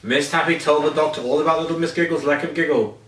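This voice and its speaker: A man's voice: fairly high pitch, steady tone, quick pace, fairly bright tone. Man reading a children's story aloud, stumbling and correcting himself, heard from a distance in an echoey room. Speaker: reader. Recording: echoey room, voice away from mic.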